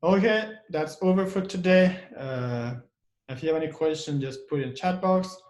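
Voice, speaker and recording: Halting man teaching grammar, echoey. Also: on the high side, a little mellow. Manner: halting, many fillers and restarts, repeats examples. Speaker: English teacher. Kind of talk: online grammar lesson.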